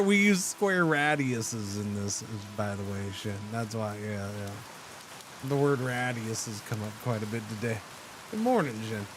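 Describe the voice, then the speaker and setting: A man streaming a game, chatting casually with his viewers in an animated, joking way. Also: medium pitch, background noise. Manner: animated, joking, talks to chat. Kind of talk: casual live-stream commentary.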